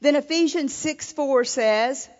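A woman's voice: high voice, takes it slowly, a little mellow. A woman minister giving an earnest sermon at a marriage seminar, with frequent restarts. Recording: lo-fi recording in a reverberant hall.

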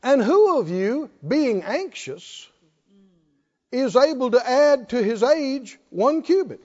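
A man preaches a sermon in a very high voice that swings widely in pitch. He works through rhetorical questions and joking asides, and pushes the congregation to call back. The recording is dull and lo-fi. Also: very animated, slow pace, darkish tone.

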